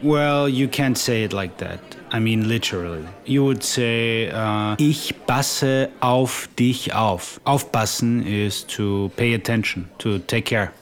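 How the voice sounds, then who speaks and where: A man's voice: fairly low pitch, a little slow, few pauses. A man with a German accent teaching German phrases in a casual lesson, dry and teasing. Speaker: German tutor and co-host. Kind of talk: casual language lesson chat.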